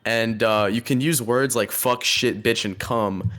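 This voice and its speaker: A young man guesting on a stream, talking in a relaxed, dismissive, rambling way with lots of fillers. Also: mid-range voice, a little slow. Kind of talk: casual stream chat.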